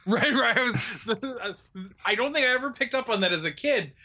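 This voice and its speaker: Man, high voice, very lively pitch, bright tone, casual podcast chat, laughs a lot. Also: moderate pace. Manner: laughs often, animated, swearing. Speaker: podcast co-host. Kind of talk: casual movie recap chat.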